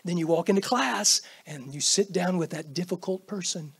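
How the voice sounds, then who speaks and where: A middle-aged man preaches in a church with a fairly high, husky voice. He swings from loud, pressing bursts to near-whispered asides and acts out the prayers and greetings he quotes. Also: expressive, a little slow, long pauses. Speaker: pastor. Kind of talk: sermon. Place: church sanctuary.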